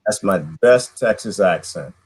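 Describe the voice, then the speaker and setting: A man hosting a casual group call, joking and playful, his pitch swinging up and down, with a somewhat husky, breathy voice. He speaks over a computer mic. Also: a little slow, poor audio. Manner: playful, jokey, animated. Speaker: host. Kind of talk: casual online group chat.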